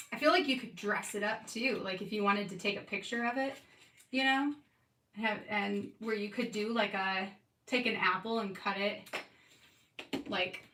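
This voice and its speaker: A woman's voice: medium pitch, a bit bright, slight background noise. Chatty woman crafting live, roomy sound. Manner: chatty, giggly, talks to viewers by name. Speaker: scrapbooking livestream host. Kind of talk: casual live crafting chat. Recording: roomy, from a distance.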